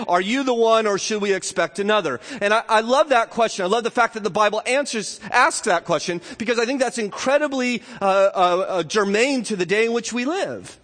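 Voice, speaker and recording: High-voiced man preaching in a reverberant hall. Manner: earnest preaching, swings from low and soft to high and loud. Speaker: pastor. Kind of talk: sermon. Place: church sanctuary.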